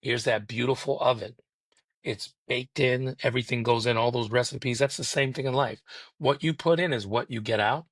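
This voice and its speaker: A man's voice: mid-range voice, steady tone, normal speed, a bit bright, no room sound. A man speaking as a podcast guest over a remote call, preachy and emphatic, building rhythmic motivational lines.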